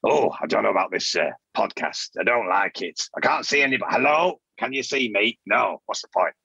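Cast a man as a grumbling, deep-voiced cynical puppet cat from up north, gruff and raspy. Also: expressive, fairly quick, sharp tone, dry recording, heavily acted. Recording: dull lo-fi dry sound.

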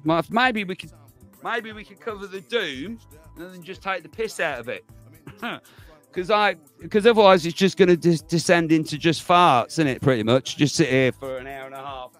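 A man hosting a livestream, chatting casually to viewers, rambling and laughing as he goes. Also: fairly high pitch. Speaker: livestream host.

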